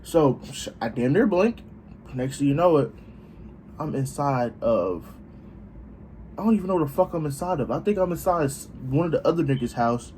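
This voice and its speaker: A young man casually telling a story in a vlog, profane and animated, acting out what people said. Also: a little high, normal speed, slight background noise. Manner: animated, profane, acts out dialogue. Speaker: vlogger.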